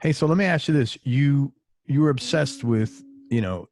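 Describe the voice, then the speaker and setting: A man's voice: medium pitch, moderate pace, a little mellow. An American man hosting an interview, asking eager follow-up questions in a casual tone. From United States. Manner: enthusiastic, asks follow-up questions. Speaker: interview host.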